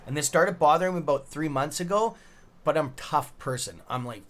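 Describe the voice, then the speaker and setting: A man's voice: on the high side, normal speed, a bit bright. A middle-aged man casually hosting a live stream, reading chat aloud and bantering with loose swearing. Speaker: livestream trading host.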